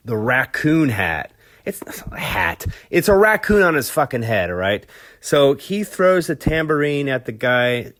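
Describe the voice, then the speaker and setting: A man hosts his own storytelling podcast, rambling through a rock anecdote with plenty of "like" and "uh." His voice swings widely in pitch as he gets worked up, and he swears casually throughout. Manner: animated, profane, lots of fillers. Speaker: podcast host.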